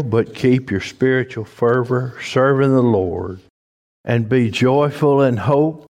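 A man preaching a sermon, slow and emphatic, rising loud when he reads scripture aloud. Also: medium pitch. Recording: long hall reverb.

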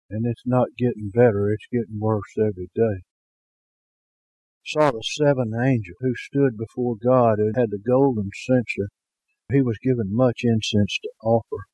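A man's voice: mid-range voice, dark tone, no room sound. A man preaching a sermon, reading scripture aloud and explaining it in folksy, everyday words, often asking his listeners questions.

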